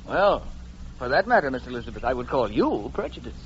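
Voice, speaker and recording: An actor playing a proud, reserved young gentleman who talks in a stiffly formal, halting way, in a radio play on a dull lo-fi recording. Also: medium pitch, sing-song, creaky, a little hiss or hum. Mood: earnest. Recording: dull lo-fi sound.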